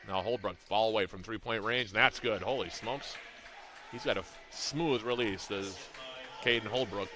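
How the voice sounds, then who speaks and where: Man, basketball announcer, play-by-play, brisk stat-heavy calling, sharp bright tone. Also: lowish voice. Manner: brisk, rhythmic calling of plays with stats.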